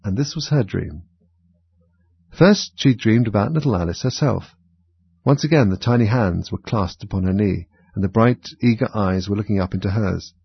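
A man calmly narrating a storybook in a measured way. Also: on the low side, creaky, breathy edge, dry recording. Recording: dull, dry lo-fi recording.

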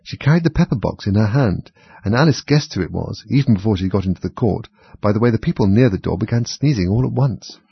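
A man reads a children's story aloud in a steady, measured way. His voice is low and gravelly with a very husky rasp. The recording is dry and a little dull. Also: no echo. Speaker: narrator. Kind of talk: storybook reading.

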